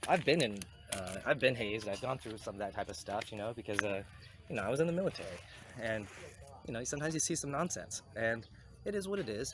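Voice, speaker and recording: With a mid-range voice and a head cold, a man walks through town to a river for his vlog, street noise clearly behind him. The vlogger and community founder delivers loose, rambling, conversational talk and keeps correcting himself.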